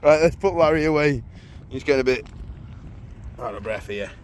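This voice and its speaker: Jokey excitable man fishing outdoors at night. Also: mid-range voice, normal speed, recorded from a distance, slight background noise. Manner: jokey, laughing often, excitable. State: cold. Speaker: fishing vlogger. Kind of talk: casual outdoor chat to camera.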